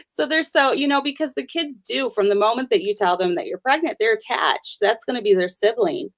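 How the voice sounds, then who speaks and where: A woman's voice: on the high side, a little fast, hardly any pauses. A woman hosting a conversation, chatty and storytelling, often laughing between anecdotes. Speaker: host.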